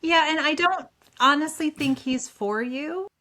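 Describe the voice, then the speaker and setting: A woman around fifty co-hosting a book podcast, telling stories in a lively, chatty way and acting out her own quotes. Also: high-pitched, a little slow. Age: about 50. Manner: animated storyteller, acts out quotes. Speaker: podcast co-host. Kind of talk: casual book chat.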